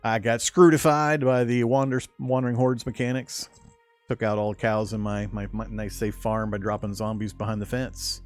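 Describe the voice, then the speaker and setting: Man, low voice, rambling let's-play commentary, self-corrections, soft music underneath. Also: flat delivery, normal speed. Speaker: game streamer. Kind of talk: casual gameplay commentary.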